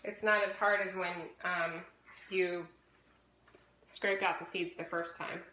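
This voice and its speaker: Woman host, bright and clear, chatty step-by-step cooking demo, echoey kitchen with light hiss. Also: fairly low pitch, flat delivery, slow pace. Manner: chatty, instructive, frequent "okay?" check-ins. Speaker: fitness challenge host. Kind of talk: casual cooking demonstration.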